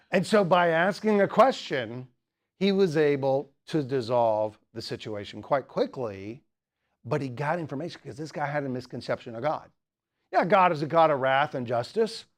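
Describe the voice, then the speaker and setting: A man giving a humorous teaching talk at a student apologetics club, rambling with many jokes and asides. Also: medium pitch.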